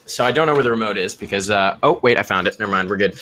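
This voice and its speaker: Deep-voiced man chatting casually. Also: rapid-fire, bright, forceful tone, slight background noise. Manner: rambling, thoughtful, lots of fillers. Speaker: esports podcast co-host. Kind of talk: casual chat. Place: home room with air conditioner.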